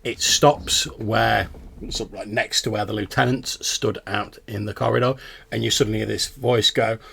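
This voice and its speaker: A man's voice: on the low side, fairly even intonation, moderate pace, creaky, a bit bright, breathy edge. A man, narrating a tabletop game as game master in a loose, chatty way.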